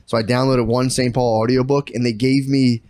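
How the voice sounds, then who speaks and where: Podcast dude ranting a story, cursing nonstop, doing little voices for everyone, dead dry mic sound. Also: male voice, mid-range voice, brisk, dry recording. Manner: animated storytelling full of swearing, acting out quotes. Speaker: podcast co-host. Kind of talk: casual comedic podcast chat.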